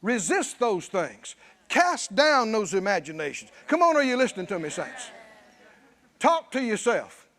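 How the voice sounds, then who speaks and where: A man preaching a sermon, emphatic, at times shouting and at times dropping low. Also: big pitch swings, a little slow. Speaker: pastor.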